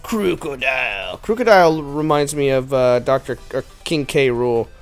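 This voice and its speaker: A man's voice: mid-range voice, expressive, normal speed, clean tone. A young man casually commenting on a video game stream, rambling with many fillers and giggling often. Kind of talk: casual let's-play commentary. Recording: faint game music behind.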